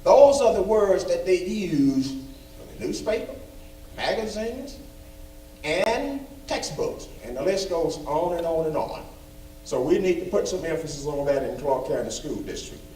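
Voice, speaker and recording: A man's voice: a little high, expressive, unhurried, mellow, a little hiss or hum. A man giving an emphatic, folksy report at a school board meeting, repeating phrases for stress. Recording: echoey room, far from mic.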